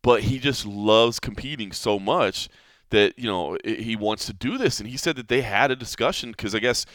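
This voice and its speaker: Low smooth guy rambling on a podcast, lots of uh and you know, dry close mic. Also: normal speed, a bit bright, no room sound. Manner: rambling, many fillers and restarts. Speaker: podcast host. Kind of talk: casual chat. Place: Las Vegas, Nevada.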